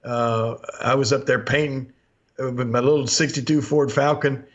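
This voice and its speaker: A man's voice: medium pitch, normal speed. A man in his sixties with a Southern American accent, hosting a podcast and telling stories with frequent chuckles and acted-out quotes. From Memphis, USA. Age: 60s. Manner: chuckles often, animated, acts out quotes. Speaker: podcast host. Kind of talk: anecdotal storytelling. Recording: dull lo-fi podcast audio.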